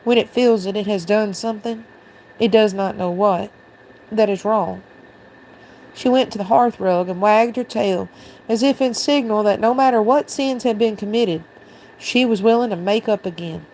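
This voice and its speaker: A woman host reading a storybook aloud in a steady, even narration. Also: mid-range voice, normal speed, a little hiss or hum, poor audio.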